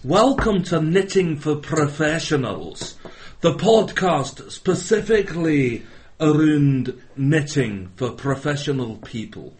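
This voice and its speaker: A man voicing a jokey male knitting-show host in a deliberately bad fake Scottish accent. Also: on the high side, lively intonation. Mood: mock-formal. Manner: jokey, crude, laughing. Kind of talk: comedic improv bit.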